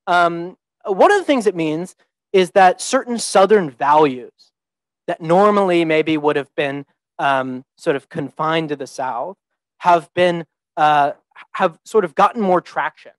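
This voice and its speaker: A man's voice: high-pitched, dry recording, poor audio. A young man giving an informal talk to students as a teaching fellow, thinking aloud with many ums and restarts. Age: young adult. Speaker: visiting teaching fellow presenting.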